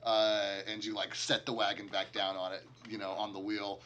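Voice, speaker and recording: Game master, male, laid-back narration, forceful bright tone, slightly low. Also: flat delivery, normal speed, muffled recording, slight background noise. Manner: casual, heavy use of filler "like".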